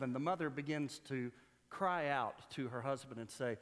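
A man preaching a sermon in a church, retelling a story with quoted dialogue and halting restarts. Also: medium pitch, a bit bright, in a large hall. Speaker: pastor.

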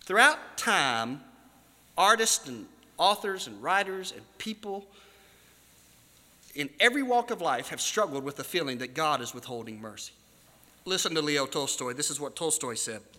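A man's voice: on the high side, lively intonation, moderate pace. Preaching man echoing through a hall. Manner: preaching with swings from hushed to shouted. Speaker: pastor. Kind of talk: sermon. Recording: long hall reverb.

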